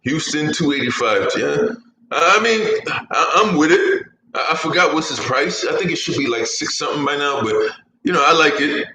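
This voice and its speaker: A man's voice: fairly high pitch, animated, moderate pace, pushed and bright, slight background noise. A man hosting a podcast in casual, rambling chat, swearing freely and laughing at his own jokes. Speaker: podcast host. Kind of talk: casual fantasy sports chat. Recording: echoey room, faint ambience.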